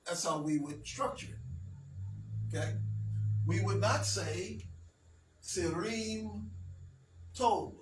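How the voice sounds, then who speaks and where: This man's voice sits high and is expressive, moving at a measured pace with long pauses as he teaches a language class. He speaks patiently, checking comprehension with a frequent "okay?" The recording sounds roomy and distant, with faint background noise.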